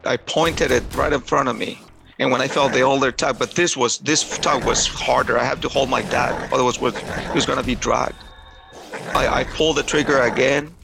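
A man's voice: medium pitch, gravelly, noisy background. A man giving an intense, earnest first-person testimony, retelling a harrowing experience in vivid detail. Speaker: storyteller recounting a personal experience.

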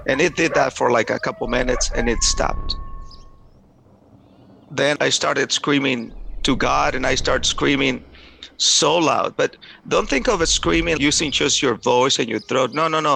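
A man's voice: medium pitch, huge pitch swings, measured pace, vocal fry, sharp tone, slight background noise. A man giving an intense, earnest first-person testimony, retelling a harrowing experience in vivid detail. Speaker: storyteller recounting a personal experience.

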